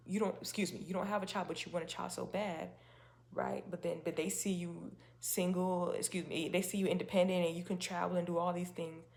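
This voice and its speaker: This woman has a lowish, creaky, slightly mellow voice as she hosts a faith-based video. Talking casually to the camera, she stays emphatic and chatty, full of restarts and rhetorical questions.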